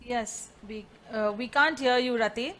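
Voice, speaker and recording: A woman hosting an online spiritual gathering, reading a devotional story aloud in a measured, earnest way and introducing the next participants over a video call. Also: fairly high pitch, a bit bright. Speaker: satsang host.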